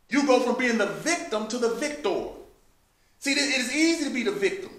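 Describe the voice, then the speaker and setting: A man's voice: very high voice, expressive, normal speed, a bit bright. A man teaching a Bible study, speaking in an emphatic, fervent preaching manner. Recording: echoey room, mic at a distance.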